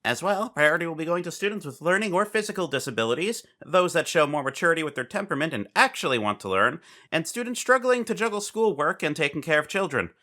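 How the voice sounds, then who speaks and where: A woman's voice: deep voice, sing-song, fast, hardly any pauses, pushed and bright. A woman reading in-world school announcements and ads in a formal announcer manner.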